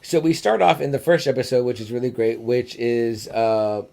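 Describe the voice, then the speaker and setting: A man co-hosting a podcast in casual chat, relaxed and agreeable, often murmuring assent. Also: mid-range voice, moderate pace, gravelly. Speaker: podcast co-host.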